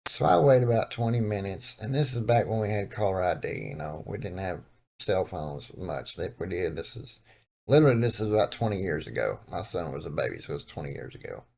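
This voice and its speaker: A man's voice: low voice, animated, a little fast, creaky, darkish tone. A man from Texas with a Texan accent, telling a story to his viewers in a laid-back, meandering way. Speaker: vlogger. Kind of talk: casual storytelling.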